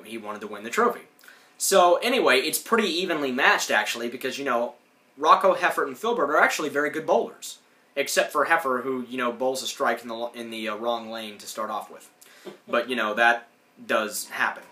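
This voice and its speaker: Bright, rambling podcast host. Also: male voice, medium pitch. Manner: rambling, enthusiastic, many fillers. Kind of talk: casual recap commentary. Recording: roomy echo.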